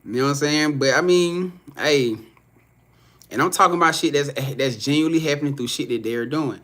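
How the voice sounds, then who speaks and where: A man's voice: on the high side, brisk, fairly bright tone. A young man chatting casually on a live stream as a psychic reader, loose and profane, rambling with many restarts and reading out viewers' comments.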